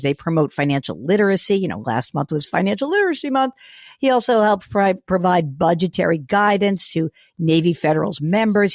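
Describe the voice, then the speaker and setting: Hoarse, lively woman hosting an interview. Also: lowish voice, dry recording, studio quality. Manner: lively, chatty, laughs easily. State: hoarse from a cold. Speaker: host. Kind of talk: interviewing a guest.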